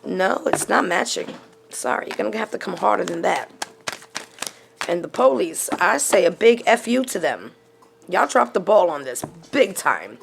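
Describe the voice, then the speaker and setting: A middle-aged woman with a gravelly voice giving a casual tarot reading, blunt and outspoken, going from murmurs to animated storytelling. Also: on the low side, moderate pace, background noise. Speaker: tarot reader and channel host.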